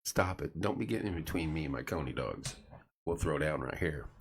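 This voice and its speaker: A man's voice: very deep voice, a little fast, slight background noise. A middle-aged man hosting a casual late-night chat show, telling stories and acting out the voices of people he quotes. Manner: animated storyteller, acts out quoted voices. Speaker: host.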